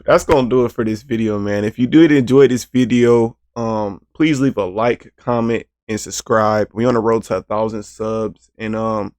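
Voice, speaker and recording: A man's voice: on the low side, fairly even intonation, normal speed, hardly any pauses, a little mellow, no room sound, clean studio sound. A man hosting a casual reaction video, speaking in slangy, profane, emotional bursts.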